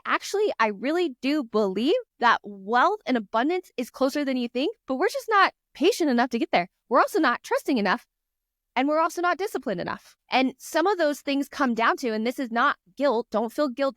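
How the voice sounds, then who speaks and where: Female guest, chatty and earnest, higher voice, dry close sound. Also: big pitch swings, normal speed, fairly bright tone, no echo. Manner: earnest, encouraging, chatty storytelling. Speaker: guest author. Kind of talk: casual podcast chat.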